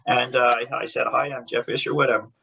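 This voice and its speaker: Comic artist guy in an interview, kinda husky voice, rambly stories full of restarts, does little voices for people in them. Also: medium pitch, flat delivery, fairly quick, sharp tone, highs cut off. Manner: rambling anecdotes with lots of restarts and laughter. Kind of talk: casual interview storytelling.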